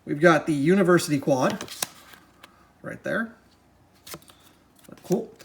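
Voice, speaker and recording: A chatty person shows off a board game piece by piece in easygoing, upbeat commentary, with a medium-pitched voice. The talk stops and starts and keeps correcting itself, and cards shuffle in the background. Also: vocal fry, slight background noise. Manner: chatty, halting, self-correcting; upbeat, easily delighted. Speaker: board game unboxing presenter. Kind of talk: casual unboxing commentary.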